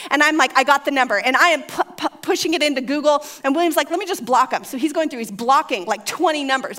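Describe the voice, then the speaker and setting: An older woman telling a comic story, animated, acting out both sides of the dialogue. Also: sits high, fast talker, hardly any pauses.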